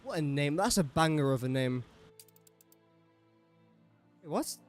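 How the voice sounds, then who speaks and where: A young man with an English accent, talking casually as he plays, cracking jokes and chatting to the game characters. His voice sits a little high, with faint game music in the background. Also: expressive, a little slow. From England. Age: young adult. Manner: chatty, jokey, talks to himself and the game characters. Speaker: gaming streamer. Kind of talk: casual gameplay commentary.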